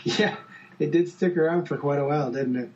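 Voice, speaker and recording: A man co-hosting a podcast, chatting casually and reading comic book lines aloud in quick voices. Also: on the high side, a little mellow, muffled recording. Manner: reads comic dialogue aloud in quick voices, laughs often. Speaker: podcast co-host recapping a comic. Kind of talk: casual chat.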